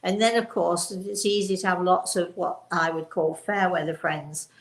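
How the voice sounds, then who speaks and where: Older woman, host, gravelly voice, stresses key words, echoey room. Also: on the low side, steady tone, normal speed. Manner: emphatic on key words, warm chatty restarts. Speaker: host and spiritual teacher. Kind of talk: live-stream chat and teaching.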